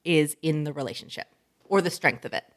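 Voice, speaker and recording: Lower-voiced woman giving frank, casual advice. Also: fairly quick. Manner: animated, laughs often, frank and profane. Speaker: podcast co-host.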